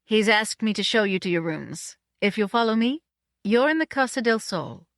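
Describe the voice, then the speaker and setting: A woman's voice: mid-range voice, lively intonation, moderate pace, fairly bright tone, dry recording, studio quality, pitched above the performer's own voice. A woman voicing a dignified middle-aged housekeeper who speaks in a careful, formal, polite way.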